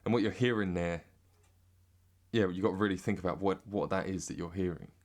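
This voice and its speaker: An English man in a rambling, sweary deadpan comic monologue. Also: deep voice, a little fast. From Britain. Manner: rambling and sweary, drifting into mock accents. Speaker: comedic monologue host.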